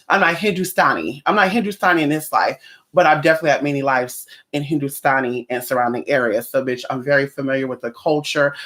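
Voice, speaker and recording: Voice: medium pitch, fairly bright tone. A livestream host chatting casually with viewers in a sassy, profane way, calling them honey.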